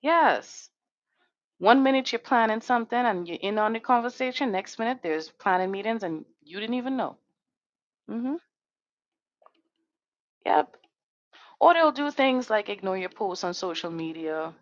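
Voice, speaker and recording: A woman's voice: on the high side, expressive, measured pace, pauses often. A woman hosting a podcast, delivering an impassioned monologue that is angry, profane and full of rhetorical questions. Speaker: podcast host. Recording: dull dry lo-fi recording.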